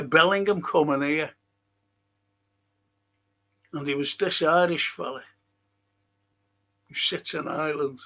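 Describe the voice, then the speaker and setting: A man's voice: fairly high pitch, vocal fry, bright, forceful tone, poor audio. A man hosting a casual livestream chat, reading out viewer comments and ranting bluntly with plenty of swearing. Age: older.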